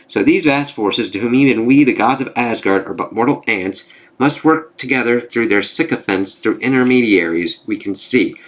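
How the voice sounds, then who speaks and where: A man's voice: medium pitch, expressive, moderate pace, lightly acted. Give me a man playing a storyteller god reciting in rhyme. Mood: solemn. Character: rhyming male storyteller god.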